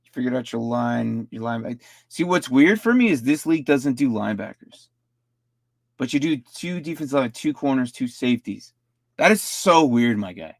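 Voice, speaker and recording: Gravelly man rambling through roster reviews. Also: mid-range voice, lively intonation, moderate pace, no echo. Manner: rambling, stumbles and repeats words. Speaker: fantasy football streamer. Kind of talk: casual live-stream roster review.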